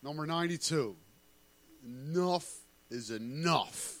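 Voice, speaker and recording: A man's voice: a little high, slow pace, fairly bright tone. A man co-hosting a podcast in casual banter, joking in a laid-back way. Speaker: podcast co-host.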